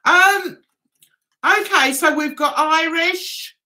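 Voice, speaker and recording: Livestream host, middle-aged woman, Mancunian accent, bright and bubbly tone, reads chat comments between giggles. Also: very high-pitched, slow. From Manchester, England. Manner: chatty, giggly, reads viewer comments aloud.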